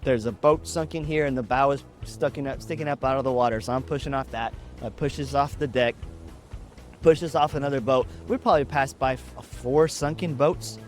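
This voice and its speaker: A man's voice: medium pitch, normal speed, faint music behind. A man from Texas telling a story casually, with wry, profane, laid-back humor.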